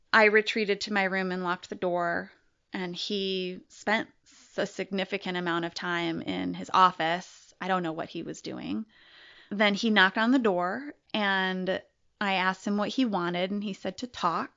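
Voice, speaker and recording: A woman telling a personal story as an interview guest, reflective and deliberate. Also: mid-range voice, fairly even intonation, gravelly, sharp tone, smooth. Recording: dull lo-fi recording.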